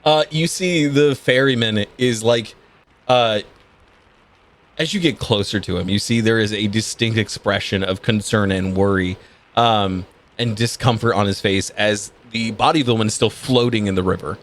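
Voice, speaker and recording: A man with a slightly low voice runs a tabletop game as game master. He describes each scene in a relaxed, unhurried way, pausing often with ums and uhs as he builds the picture for his players.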